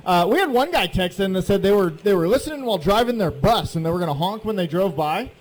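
A man's voice: sits high, animated, fast. A man co-hosting a sports radio show live from a restaurant, telling easygoing, rambling stories. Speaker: radio co-host, former college football player. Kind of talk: casual sports radio chat. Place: live broadcast at a restaurant event.

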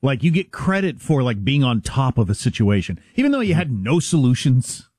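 A man co-hosting a radio talk show, telling wry, animated stories in casual banter on a studio mic. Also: medium pitch, moderate pace, slightly rough, no room sound. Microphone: studio microphone.

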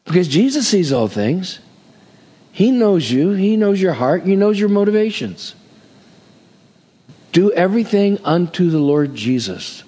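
A man's voice: high voice, very animated, measured pace, pauses often, warm tone, breathy edge. A middle-aged man preaching a sermon as pastor, with rising emphasis, asides and call-and-response amens. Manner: jokes and acts out quoted voices. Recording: long hall reverb.

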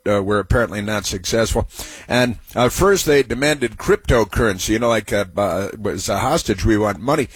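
Husky-voiced man rambling on talk radio. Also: lowish voice, no echo. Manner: rambling and sarcastic, heavy on "uh" fillers. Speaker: talk show host. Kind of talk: political talk radio commentary.

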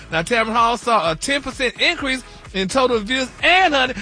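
A man's voice: extremely high pitch, sharp tone. A man, delivering celebrity news on morning radio in a flamboyant way, calling people honey and baby.

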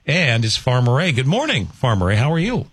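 A man's voice: medium pitch, very animated, a little fast, a bit bright, breathy edge. A man hosting a morning radio show, joking and teasing as he chats with callers and reads weather and sports. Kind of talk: casual morning radio banter.

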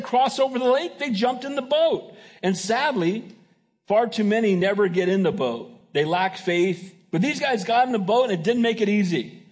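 A man's voice: high-pitched, breathy edge. A man preaching a sermon as pastor, emphatic and folksy, often asking his congregation "Amen?". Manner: folksy and joking.

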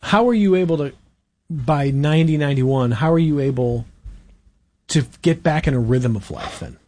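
A man's voice: a little high, animated, moderate pace, a little mellow. A man interviewing guests, asking probing and reflective questions. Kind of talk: interview conversation.

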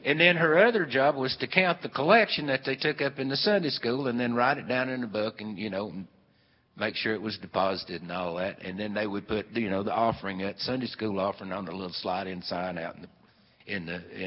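A man's voice: on the low side, fairly quick. A man telling a folksy family story to a live audience, rambling along with plenty of fillers. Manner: folksy and meandering, with many fillers. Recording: dull, hall-echoed live recording.

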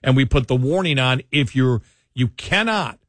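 A man's voice: mid-range voice, animated, normal speed, a bit bright, no room sound. A man co-hosting a political talk show, talking in an emphatic conversational way that repeats points and restarts sentences.

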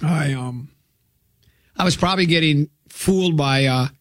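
A man's voice: fairly high pitch, a little slow, a bit bright, no room sound. A man hosting sports talk radio, rambling and joking casually about games.

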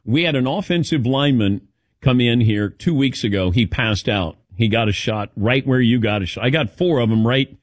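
With a dry recording, a middle-aged man in a mid-range voice and moderate pace hosts a radio show full of casual, animated storytelling in which he acts out what other people said.

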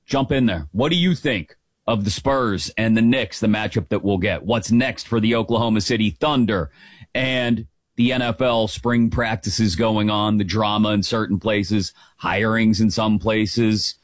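A man hosting a live sports talk radio show, chatty and energetic as he runs through the day's stories. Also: lowish voice, unhurried, no echo. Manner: energetic, chatty, rattles off details. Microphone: studio microphone.

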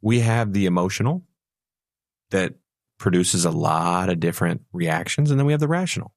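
A man's voice: sits low, expressive, moderate pace, dry recording, studio quality. A man co-hosting a financial radio show, explaining ideas in a playful, storytelling way and laughing at his own jokes. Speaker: financial advisor co-host. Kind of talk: conversational radio talk.

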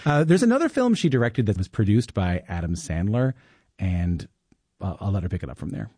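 A male host interviews his guest, thinking aloud with enthusiastic, rambling sentences. He talks fast in a low, husky voice. The recording is close and dry. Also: sing-song, mellow, no room sound. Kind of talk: interview conversation.

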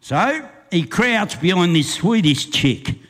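An older Australian man, a bush poet and compere, reciting a rhyming yarn with a lively rhythm and chuckles before chatting to a live audience. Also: high-pitched, slow pace. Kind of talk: recited rhyming bush poem, then stage banter. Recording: live stage recording with long reverb.

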